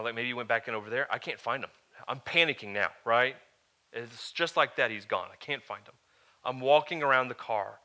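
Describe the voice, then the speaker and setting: A middle-aged man preaching a sermon as pastor, telling a family story with animated rhetorical questions. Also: medium pitch.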